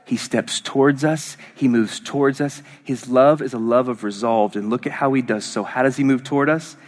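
A man preaching a sermon as pastor, swinging from loud rising lines to hushed whispers. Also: medium pitch, normal speed.

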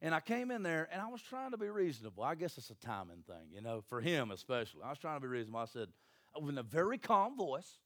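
A man, preaching a sermon in a church with jokey, animated storytelling and acted voices. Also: on the high side, fast talker. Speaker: pastor.

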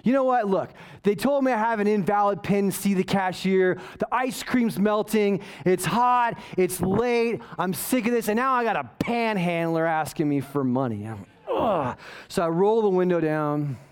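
A pastor telling a self-mocking story in a sermon, animated and often asking "right?". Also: male voice, sits high, moderate pace, clean tone. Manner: self-mocking, waves arms while talking.

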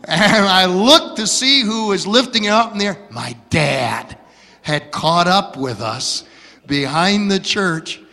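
Man preaching with a bright voice. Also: high-pitched, lively intonation, takes it slowly, vocal fry. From Michigan. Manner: dramatic storyteller, swings from hushed to loud. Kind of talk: storytelling sermon. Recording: long hall reverb.

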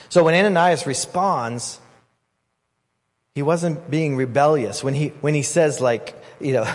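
A man preaching a sermon as pastor, conversational and animated, acting out voices in the story. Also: on the high side. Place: church hall. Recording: long hall reverb.

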